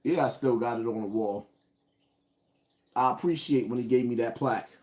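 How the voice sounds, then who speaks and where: A man's voice: mid-range voice, normal speed, a little mellow. A man from the Bronx, hosting a casual live stream and hyping up his viewers. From Bronx, New York. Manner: hyped, calls out viewers by place. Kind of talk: casual livestream talk.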